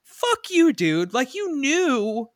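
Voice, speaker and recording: A young man co-hosting a podcast in casual chat, animated and exasperated, swearing freely. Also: very high-pitched, slow, dry recording, clean studio sound. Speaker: podcast co-host.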